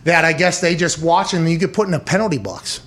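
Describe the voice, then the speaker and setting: Guy with a high voice hosting a sports show, crude jokey rants, totally casual. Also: fast talker. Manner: animated, crude joking, building comic rants. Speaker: podcast host.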